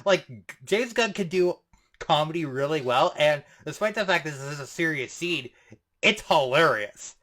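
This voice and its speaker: A man with a slightly higher-than-usual voice gushes about a movie in easy podcast chat. He swears freely and jumps in with excited reactions to the scenes. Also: moderate pace. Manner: excitable, swears, talks with enthusiasm. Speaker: podcast co-host reviewing a film. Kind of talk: casual film review chat.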